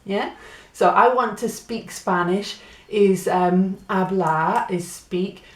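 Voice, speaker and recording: A woman's voice: medium pitch, takes it slowly, echoey room. A woman from Great Britain giving a patient spoken language lesson, spelling out and repeating words. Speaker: Spanish teacher.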